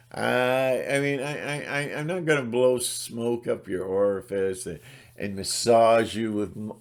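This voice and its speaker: A man's voice: medium pitch, unhurried. A middle-aged man ranting in a blunt, sarcastic monologue, rambling with restarts and putting on mocking voices. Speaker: channel host.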